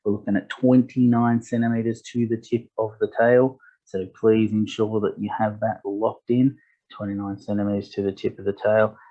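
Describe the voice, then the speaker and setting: A man delivers a fishing tournament briefing in a low voice. He reads the rules and lists in a matter-of-fact way, with small fillers along the way. The audio is dull and lo-fi. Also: flat delivery, normal speed, warm tone. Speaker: tournament director.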